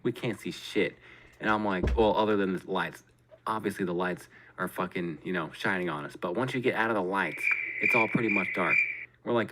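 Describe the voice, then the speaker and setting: A man's voice: lowish voice, fairly quick. A man hosting a podcast, telling a story in casual chat, swearing constantly and acting out his own reactions. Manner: profane, animated, acts out his own reactions. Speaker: podcast host.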